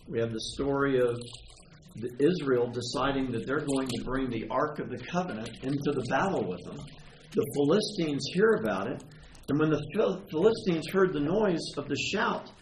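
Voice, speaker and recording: A man preaching a sermon in a conversational, animated way, retelling stories and asking his listeners questions. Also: on the high side, unhurried. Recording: echoey room with faint ambient noise.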